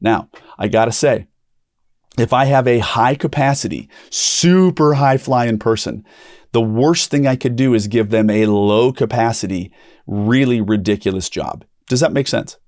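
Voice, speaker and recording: Speaking a little slowly, a man on his ministry podcast tells a conversational story, restarting sentences often and repeating himself. He is animated and acts out the people he quotes with large jumps in pitch. The recording is dry and studio quality.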